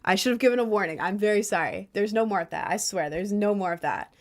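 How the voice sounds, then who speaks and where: A woman's voice: mid-range voice, quick pace. Rambling young woman telling a story. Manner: rambling, heavy on "like", apologetic asides. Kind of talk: casual storytime.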